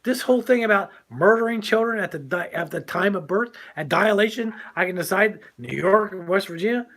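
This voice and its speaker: A man's voice: high-pitched, animated, fairly quick, a bit bright. An older man co-hosting a casual talk show, speaking in a preachy, emphatic way and laughing often. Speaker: co-host.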